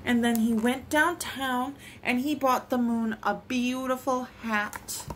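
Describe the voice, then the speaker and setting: High-voiced woman reading a picture book. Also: slow pace, a little hiss or hum. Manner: expressive, lilting. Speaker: storytime reader. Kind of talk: reading picture books aloud.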